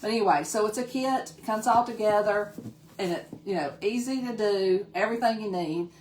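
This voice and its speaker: A woman's voice: mid-range voice, brisk, a little mellow, roomy sound, recorded from a distance, a little hiss or hum. Chatty Southern woman hosting a craft livestream. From Tennessee. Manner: chatty, greets viewers by name, laughs often. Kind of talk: casual live craft demo.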